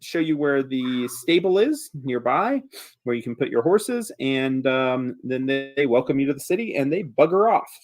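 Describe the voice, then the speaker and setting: Game master narrating, dry close sound. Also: male voice, mid-range voice, lively intonation, moderate pace, dry recording, faint music behind. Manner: rambling, many fillers.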